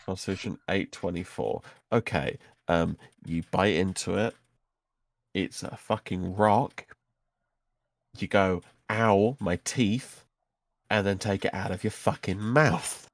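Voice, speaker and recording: A man's voice: low-pitched, a little slow, no room sound. A man narrating and running a tabletop game as game master, slipping into a grumpy shopkeeper wizard with a raised voice.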